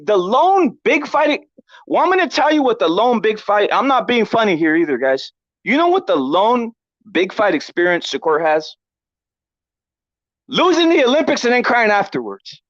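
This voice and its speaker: A man hosting a boxing commentary vlog with a lively, swooping delivery, ranting provocatively and repeating his points while tossing out shout-outs. The audio is dull and dry. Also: sits high, no echo. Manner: provocative, repetitive, gives chat shout-outs. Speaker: boxing commentary channel host.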